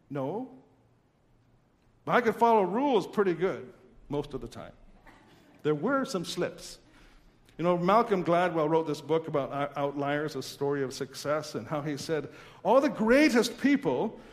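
Man preaching in a reverberant hall. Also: sits high. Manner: earnest, emphatic preaching with pauses. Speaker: pastor. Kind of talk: sermon.

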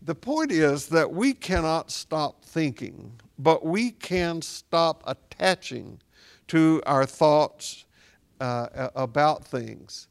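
A man, a spiritual director, talking casually about Buddhist practice as a reflective, gently wry storyteller. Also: fairly high pitch, expressive, slow, gravelly.

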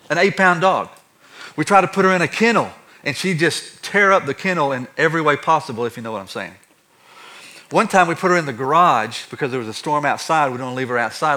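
A man preaching a sermon, telling personal stories in an animated way, swinging between quiet and loud. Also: a little high. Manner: animated, acts out stories with shifting loudness. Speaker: pastor.

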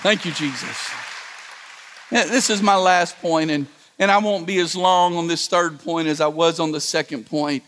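A man's voice: a little high, fairly even intonation, normal speed, a bit bright, long reverb tail, some chatter behind, slight background noise. A male pastor preaching a sermon to a church congregation, often restarting words and calling for responses. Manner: preaching with repeated stammered restarts and call-and-response.

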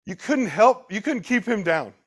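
Preaching a sermon, this man speaks in a fairly high, husky voice and is very animated. He surges into loud, emphatic bursts, then drops into quiet, slowed asides, repeatedly turning to his listeners with direct questions.

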